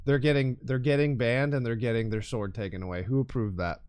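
A man's voice: mid-range voice, fairly even intonation, brisk, hardly any pauses, darkish tone, clean tone. A male streamer ranting indignantly and swearing at his chat.

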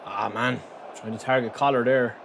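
A man with an excitable manner, commentating live on his own football video game and talking straight to his viewers. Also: mid-range voice, normal speed, vocal fry, background noise. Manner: excitable, shouts and groans at the play, addresses viewers as lads. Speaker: gaming channel host.

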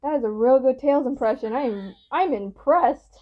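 A woman hosting a reaction video, talking casually with excited gushing outbursts and rambling, apologetic asides. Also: high-pitched, normal speed, muffled recording.

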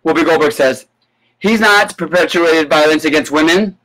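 A man giving an indignant live-stream rant, sarcastic and full of profanity, breaking into sudden high yelps. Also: normal speed, pushed and bright, poor audio. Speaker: political commentator. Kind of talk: ranting live-stream commentary.

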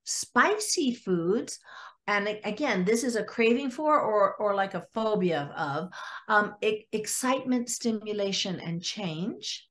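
A woman speaking as a guest psychologist on a podcast, at a middle pitch. She tells stories about clients and slips into their voices when she quotes them. The delivery is conversational and animated. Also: moderate pace. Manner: acts out clients' lines in lively quoted voices. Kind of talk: storytelling in a podcast interview.

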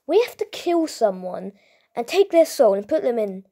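A woman narrating and voicing an improvised toy role-play in a playful, excitable way. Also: on the high side, moderate pace. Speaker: toy video performer.

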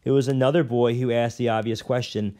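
A man reading a novel aloud at an unhurried pace, now and then stumbling and correcting himself. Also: medium pitch, steady tone, warm tone. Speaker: reader.

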